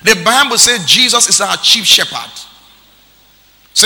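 A male pastor from Nigeria, preaching a sermon with shouted, sing-song call-and-response. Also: sits high, moderate pace, pauses often, long reverb tail, some chatter behind, a little hiss or hum.

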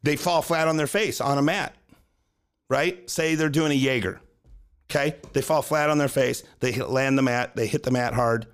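A man's voice: medium pitch, moderate pace, clean tone. Man coaching by answering his own questions. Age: adult with a young daughter. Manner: explains by asking and answering his own questions, adds "right?". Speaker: gymnastics coach, podcast co-host. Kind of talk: casual coaching talk.

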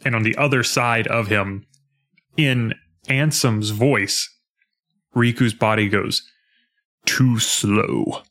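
A man with a mid-range voice chats casually as a podcast co-host. He retells scenes in an animated way. He slips in the characters' lines as he goes. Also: mid-range voice, slow, pauses often. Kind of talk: casual chat recapping a video game.

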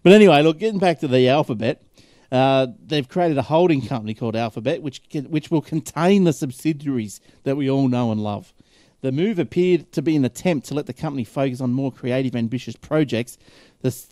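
A man's voice: medium pitch, mellow, no echo, clean studio sound. A man hosting a casual talk show, reading news items aloud and chatting with his co-hosts, laughing often. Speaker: host.

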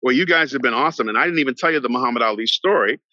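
A middle-aged man, an actor guest on a podcast, telling a long story in an animated way and acting out the voices of the people in it. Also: medium pitch, racing, no room sound. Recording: dull lo-fi sound, dry.

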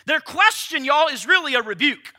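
A man's voice: very high-pitched, lively intonation, normal speed, pushed and bright. A man preaching a sermon emphatically, firing rhetorical questions at his congregation. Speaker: pastor.

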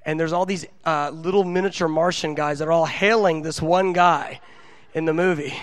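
Animated, self-mocking male preacher. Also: a little high, normal speed, clear, resonant tone, dry recording. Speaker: pastor. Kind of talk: storytelling sermon.

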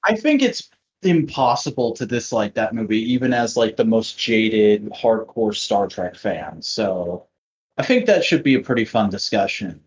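A man co-hosting a podcast in casual chat, excitable and swearing freely. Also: on the low side, a little slow, husky, lo-fi sound. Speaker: podcast co-host.

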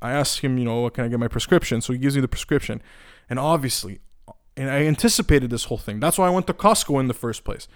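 A fast-talking young man from Eastern Europe, with a clean mid-range voice, rants casually in a studio-quality recording with no room sound. The delivery is animated and foul-mouthed, with many restarts and fillers.

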